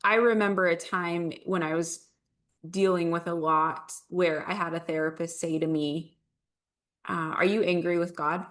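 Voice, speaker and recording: A woman with a notably low voice speaks as a podcast guest. She shares a personal experience in an earnest, confessional tone and takes her time over the heavy moments. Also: level tone, a little slow, a bit bright. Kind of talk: candid personal storytelling.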